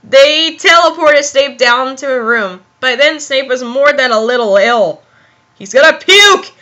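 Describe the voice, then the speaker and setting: A woman's voice: high-pitched, a little slow, sharp tone, highs cut off. A young woman giving a comic dramatic reading of a fan story, giggling and exclaiming as she goes. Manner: giggly, exclaiming, self-interrupting. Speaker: reader of fan fiction.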